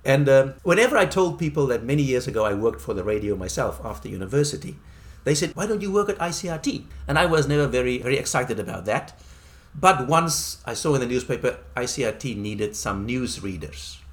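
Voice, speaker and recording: A middle-aged man hosts a podcast in a relaxed storytelling voice. His tone is wry and a little self-mocking. His pitch sits in the usual middle range for a man. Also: a little fast. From South Africa. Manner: wry, anecdotal, self-deprecating. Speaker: podcast host. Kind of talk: casual storytelling monologue.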